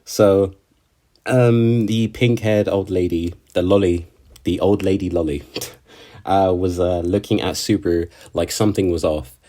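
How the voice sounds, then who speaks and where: Low-voiced man in a rambling anime recap. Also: steady tone, measured pace, mellow. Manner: rambling, chatty, with slang and frequent restarts. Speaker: anime reviewer. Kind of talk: casual episode recap commentary.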